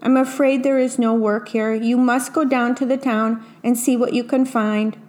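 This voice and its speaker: A woman's voice: fairly high pitch, steady tone, normal speed, darkish tone, natural voice. A woman voicing a kindly old grandmother witch who talks in a motherly way. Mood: tender.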